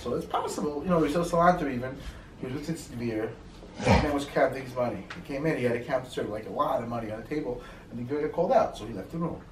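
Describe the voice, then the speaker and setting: Fast-talking man teaching in an echoey room. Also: mid-range voice. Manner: fast, animated storytelling with many fillers. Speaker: Torah class teacher. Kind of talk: informal Torah class with students. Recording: echoey room, mic far off, faint noise.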